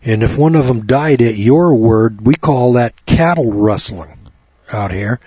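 Rural Bible teacher, a chatty man, husky, recorded dry and a bit muffled. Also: medium pitch, animated, measured pace, mellow, dry recording. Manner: folksy, chatty, addresses listeners by name. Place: home studio on a rural property.

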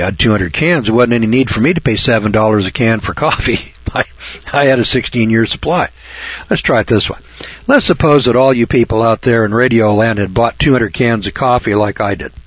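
A man's voice: medium pitch, moderate pace, breathy edge, no echo, highs cut off. A man hosting a radio talk show, ranting in a folksy, sarcastic monologue that rambles and often restarts.

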